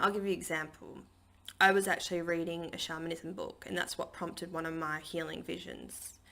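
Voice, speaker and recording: A woman with a lowish voice that keeps slipping into a gravelly fry. She talks through a spiritual healing message from home in a loose, chatty way that wanders off track, full of ums and likes. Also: a bit bright. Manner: chatty and rambling, with many fillers. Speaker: spiritual healer and channelling teacher. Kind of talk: casual spiritual guidance talk. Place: home, at a dining table.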